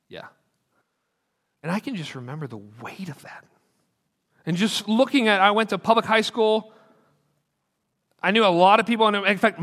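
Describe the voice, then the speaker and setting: A fairly high, bright-voiced man preaching with earnest energy. He tells stories and reads scripture in slow, deliberate phrases. His voice rings out across a reverberant church hall. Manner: earnest, storytelling, slows down for quotes. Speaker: pastor. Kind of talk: sermon.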